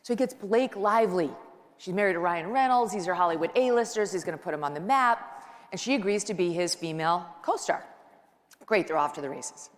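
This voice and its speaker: A woman's voice: fairly low pitch, expressive, a little fast. Chatty woman speaking in a big hall. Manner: chatty, joking, storytelling. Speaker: conference speaker, talk show host. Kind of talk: lively stand-up style speech. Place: large conference hall. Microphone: handheld mic on stage. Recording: long hall reverb.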